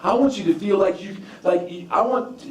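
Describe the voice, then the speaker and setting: A man's voice: high voice, moderate pace. A man preaching a conversational sermon, repeating and restarting phrases as he tells personal stories. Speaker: pastor. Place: church sanctuary. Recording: echoey room from far off.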